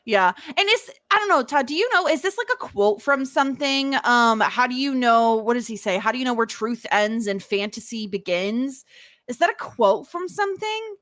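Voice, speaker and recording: A woman hosting a podcast, chatting casually about a TV episode, animated and laughing often as she acts out lines. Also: on the high side, normal speed, no echo, studio quality. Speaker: podcast host. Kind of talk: casual chat recapping a TV episode.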